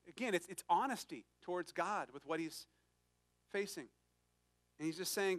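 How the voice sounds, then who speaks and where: A man's voice: fairly high pitch, moderate pace, long pauses, a bit bright, dry recording. A man preaching a sermon to his congregation, earnest and conversational, reading scripture with emphasis. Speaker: pastor.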